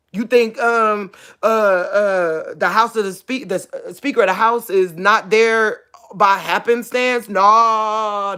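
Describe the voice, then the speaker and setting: Speaking directly to her viewers, a woman online preacher delivers an informal sermon to camera. She pushes her voice high and hard to stress a point, then sinks into a soft, emotional murmur at other moments, repeatedly saying "real talk" and "you get what I'm saying."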